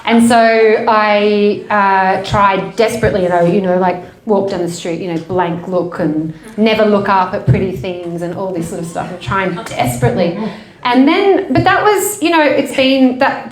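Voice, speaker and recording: A woman with an Australian accent, an author talking casually at a bookshop event, animated and laughing often. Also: medium pitch, moderate pace, roomy sound. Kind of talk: conversational bookshop talk.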